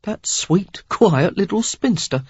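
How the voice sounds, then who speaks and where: A man's voice: high voice, lively intonation, slow pace, darkish tone, slightly rough, pitched above the performer's own voice, exaggerated voice. A narrator voicing a carefree, gossipy young man in an audiobook who speaks in a breezy, chatty way. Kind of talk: audiobook character voice. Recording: dull lo-fi dry recording.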